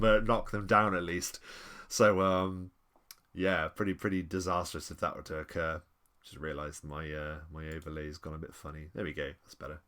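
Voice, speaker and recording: A man's voice: sits low, a bit bright. A man chatting casually on a live stream, reading an old game module and answering his chat politely. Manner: chatty, rambling, apologetic, polite.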